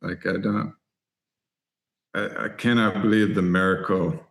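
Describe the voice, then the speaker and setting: Lively storytelling man, low voice. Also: unhurried, creaky. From Texas. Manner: animated anecdotes, voices other people in quotes. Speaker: podcast guest, writer and angler. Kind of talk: storytelling interview chat.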